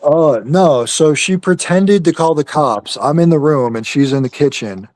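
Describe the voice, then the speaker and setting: A man's voice: on the high side, normal speed, darkish tone. A man telling a long story on a stream in a rambling, profane, casual way.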